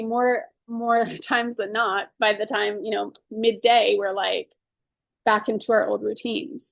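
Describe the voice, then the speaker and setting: A woman's voice: on the high side, gravelly, dry recording. A woman leading a guided tapping session and teaching casually, earnest and upbeat, often saying "like" and "right?". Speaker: EFT tapping coach.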